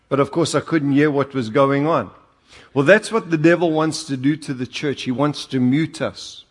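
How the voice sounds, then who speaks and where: A man's voice: fairly high pitch, moderate pace. An older man with a South African accent preaching a sermon, telling humorous stories and rising into emphatic exhortation. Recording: long hall reverb.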